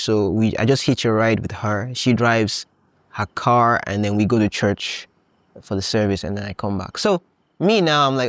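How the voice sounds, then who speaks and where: Animated young man, dry close sound. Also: mid-range voice, no room sound. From Nigeria. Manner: animated, laughs often, acts out his own past thoughts. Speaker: podcast host. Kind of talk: casual storytelling monologue.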